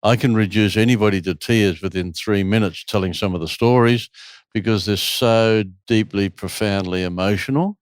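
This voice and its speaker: Animated male storyteller, dry sound. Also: on the low side, normal speed, no room sound. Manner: animated storyteller, acts out quotes. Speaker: retreat host. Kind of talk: storytelling in an interview.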